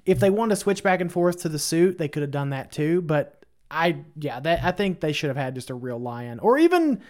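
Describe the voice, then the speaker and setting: A man's voice: on the high side, sing-song, normal speed, a little mellow. A man co-hosting a movie podcast, rambling and hesitant, with jokey asides. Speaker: podcast co-host. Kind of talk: casual movie review chat.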